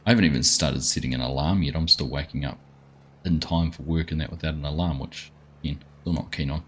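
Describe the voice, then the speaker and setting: A gaming livestream host with a very deep, husky, slightly bright voice talks fast while playing a farming game. He chats casually and greets viewers by name as he plays.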